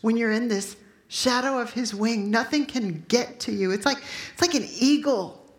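A woman in her fifties giving a sermon with personal testimony to a room of listeners, emotional and loudly acting out her own prayers. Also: a little high, normal speed, reverberant. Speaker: speaker at a Christian gathering.

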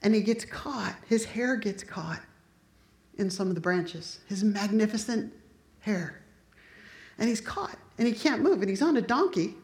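A woman delivers a sermon, telling the story with lively energy and voicing the people in it. Her voice sits at an ordinary middle pitch. The room around her is echoey. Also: measured pace. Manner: animated storytelling, acting out characters' lines. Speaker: preacher. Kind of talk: sermon retelling a Bible story.

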